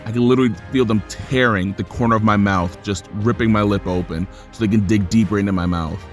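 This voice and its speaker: Young guy ranting thru a storytime vlog, lowish voice, bit of music under it. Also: brisk. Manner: animated, exasperated storytelling with rising rants. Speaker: vlogger.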